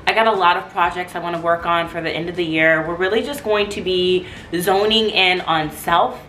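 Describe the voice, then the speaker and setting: This young woman's vlog is chatty and gushing, heavy on "like," recorded in her echoey living room with faint music behind her. Her lowish voice is steady and fairly bright, at a moderate pace.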